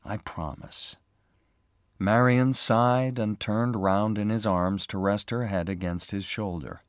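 Male narrator, slow graded-reader storytelling, dry close mic. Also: fairly low pitch, steady tone, no room sound. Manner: slow, careful, clearly spoken. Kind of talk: scripted storybook narration for learners.

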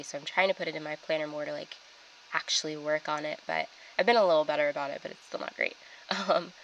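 Chatty young woman, lowish voice. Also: fairly bright tone, slight background noise, rough recording. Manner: chatty, filler-heavy, with many ums and likes. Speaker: planner vlogger. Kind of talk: casual plan-with-me narration.

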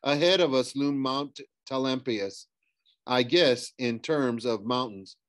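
A man's voice: medium pitch, takes it slowly, fairly bright tone, no room sound. A man reading a novel aloud in first person, hesitant and often restarting his sentences. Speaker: audiobook reader.

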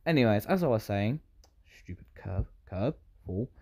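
A man's voice: fairly low pitch, expressive, moderate pace, gravelly, a little mellow, breathy edge. A British man giving rambling, self-interrupting commentary while playing a game. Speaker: gaming YouTuber. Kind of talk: Minecraft gameplay commentary.

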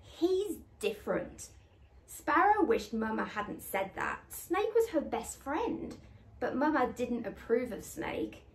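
A friendly woman reads a children's story aloud for a podcast. Her voice is slow and gravelly, with a very lively, swooping pitch. The room adds a clear echo. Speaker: podcast co-host, story reader. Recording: echoey room.

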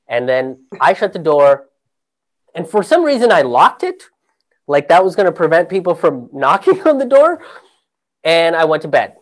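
A man's voice: a little high, very animated, normal speed. A man telling a comic personal story, rambling and profane, often laughing through his own lines.

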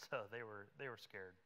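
A man's voice: fairly low pitch, sharp tone. A man preaching a sermon as pastor, telling the story conversationally and acting out the characters as he goes. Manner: conversational, vivid retelling that acts out the characters. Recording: reverberant church hall live stream.

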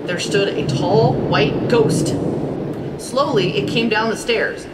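A woman reading a children's storybook aloud in an expressive, amused manner. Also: medium pitch, takes it slowly. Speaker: storybook reader. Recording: distant mic with background noise.

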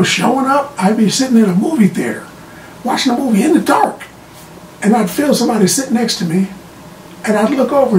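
A TV show reviewer giving a casual, animated episode recap, often repeating words as they restart sentences. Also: mid-range voice. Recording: roomy sound from a distant mic with faint background noise.

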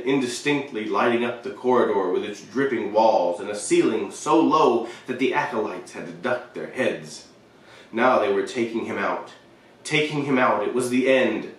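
A man's voice: medium pitch, far from the mic. Man reading a story in an echoey room. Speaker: reader. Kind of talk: reading a short story aloud. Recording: very echoey room, voice away from the mic.

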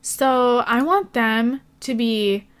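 A woman's voice: on the high side, slow, fairly bright tone, clear, resonant tone. A young woman hosting a gaming channel, giving casual, chatty gameplay commentary with gasps, giggles and lots of filler words.

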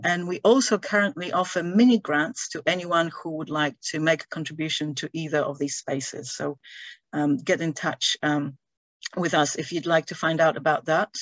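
A woman's voice: low-pitched, steady tone, normal speed, no echo. A woman hosting an online session, introducing a guest speaker in a hesitant way with many fillers. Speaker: event host. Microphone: video call.

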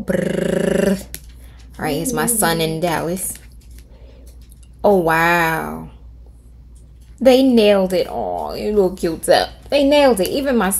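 A woman's voice: on the low side, darkish tone. A middle-aged woman hosting a casual screen-recorded tutorial from home, chatting with viewers and thinking aloud as she types. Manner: chatty, talks to viewers as "y'all"; thinks aloud while typing prompts. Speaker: tutorial host.

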